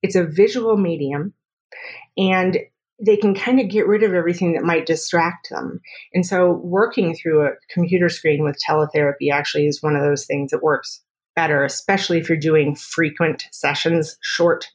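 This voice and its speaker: A woman speech therapist talking through her methods in a podcast interview, chatty and full of quick examples. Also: low-pitched, steady tone, husky.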